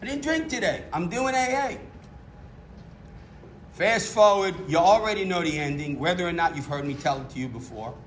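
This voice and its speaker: This middle-aged meeting speaker, a New Yorker, recounts his recovery frankly and self-mockingly in a high voice with lively intonation. He speaks at normal speed, with a little hiss or hum present.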